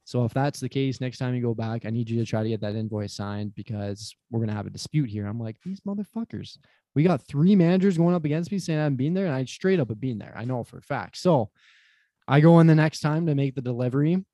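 A man as a podcast guest, swearing freely while he tells an animated story about his job. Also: medium pitch, quick pace, no room sound. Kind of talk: casual podcast chat.

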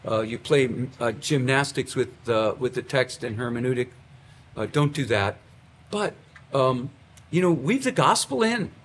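Man, pastor, classroom lecture, animated, swooping pitch, fillers and restarts. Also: measured pace, slight background noise.

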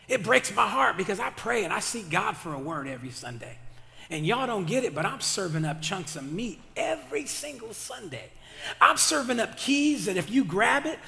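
Pastor guy preaching loud and slangy, bright edgy voice, big echoey church. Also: high-pitched, creaky. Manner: impassioned preaching with call-and-response; colloquial, slangy. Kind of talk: sermon. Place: church sanctuary. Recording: reverberant hall.

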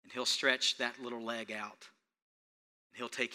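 A man preaching a sermon as pastor, swinging between hushed storytelling and loud, emphatic lines. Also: medium pitch, little pitch movement, unhurried.

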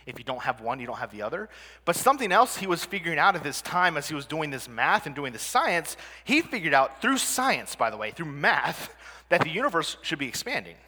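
A man's voice: on the high side, sing-song, a little fast, bright, forceful tone, husky. A man giving a conversational presentation to a live audience as a teacher, often asking the listeners questions. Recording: long reverb of a hall.

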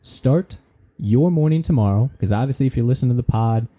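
A podcast host with a mellow, medium-pitched voice talks in an animated way, a little fast. His casual, preachy motivational talk is full of folksy slang and the occasional swear word.

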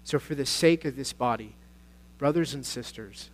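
A man preaching a sermon as pastor, earnest and exhorting, moving between quiet passages and louder, urgent appeals. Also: mid-range voice, normal speed. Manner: earnest, exhorting, swings between soft and loud.

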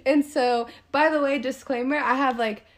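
Female podcast co-host, high-pitched, laughs a lot, salty casual talk. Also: steady tone, normal speed. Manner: laughs often, swears freely. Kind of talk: casual chat.

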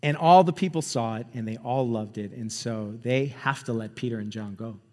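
A man's voice: mid-range voice, normal speed, a little mellow. A man preaching a sermon, retelling a story in a casual, conversational way with frequent chuckles and asides. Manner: conversational, chuckling, checks in with "right?". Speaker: pastor. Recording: long reverb of a hall.

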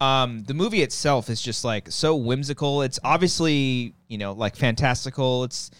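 A man's voice: mid-range voice, moderate pace, fairly bright tone, no room sound. A man co-hosting a casual podcast chat, rambling with lots of fillers and animatedly retelling film scenes. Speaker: podcast co-host.

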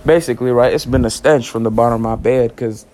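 A man's voice: mid-range voice, fast, darkish tone, a little hiss or hum. A teenage boy hosting a casual solo podcast, rambling and joking in heavy slang with lots of cussing. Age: late teens. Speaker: podcast host.

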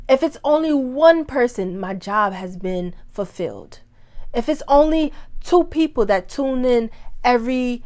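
A woman hosting a ministry podcast, preaching in a fervent, casual way, repeating phrases for emphasis and talking straight to her listeners. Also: fairly high pitch. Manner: talks straight to listeners, calls them "y'all". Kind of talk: casual devotional teaching.

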